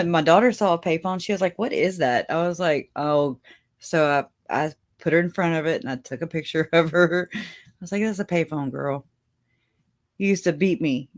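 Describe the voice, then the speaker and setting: A woman's voice: low voice, darkish tone. A woman hosting a casual livestream, chatting with her viewers and laughing often as she talks. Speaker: livestream host.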